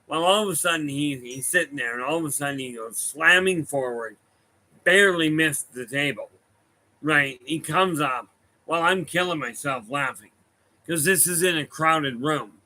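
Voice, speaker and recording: Bright-voiced man telling rambling stories. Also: a little high, normal speed, poor audio. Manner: rambling, anecdotal, self-correcting. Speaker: medium giving a talk. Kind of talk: casual storytelling talk to a room and online viewers. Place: room with a live audience.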